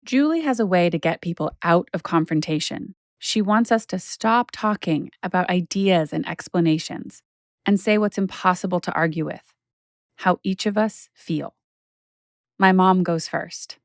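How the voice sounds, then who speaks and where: A woman in her thirties giving quiet, reflective scripted narration as a documentary host. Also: lowish voice, unhurried, no echo, studio quality. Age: 30s.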